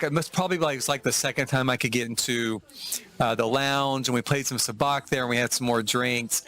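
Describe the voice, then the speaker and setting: A man's voice: mid-range voice, a bit bright. A middle-aged man talking casually to the camera as a travel vlogger, chatty and enthusiastic, laughing often as he reviews a trip.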